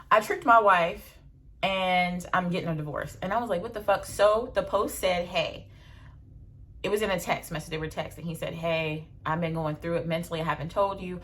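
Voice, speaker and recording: A young adult woman, telling stories in a blunt, animated casual vlog with slang and swearing. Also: lowish voice, slight background noise. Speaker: vlogger.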